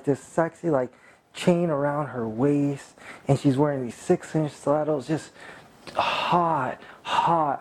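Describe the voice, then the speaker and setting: A man from California telling a casual anecdote in a boastful, profane, animated way. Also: on the high side. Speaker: storyteller.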